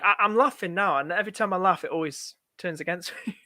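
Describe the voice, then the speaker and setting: Excitable man streaming live. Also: sits high, dry recording. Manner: excitable, rushed, repeats himself, says "mate" a lot. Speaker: fantasy football streamer. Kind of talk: live stream chat answering viewer questions.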